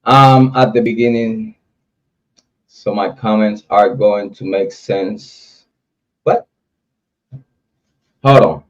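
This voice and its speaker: A man's voice: on the low side, takes it slowly, pauses often. A man hosting a casual livestream, reading viewer comments and ranting about other content creators. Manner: talks straight to chat, reads comments, ranting. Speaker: livestream host. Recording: dull lo-fi stream audio.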